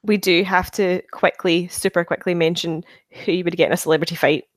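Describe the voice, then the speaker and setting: A woman's voice: fairly low pitch, steady tone, fairly quick. A woman co-hosting a podcast, chatting wryly and animatedly about films. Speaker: podcast co-host. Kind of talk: casual film chat.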